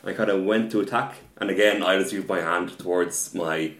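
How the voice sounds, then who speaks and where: Male podcaster, deep voice, stumbling and repeating words, roomy recording. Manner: halting, repeats words, animated when excited. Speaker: card game player telling a match story. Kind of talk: casual podcast chat.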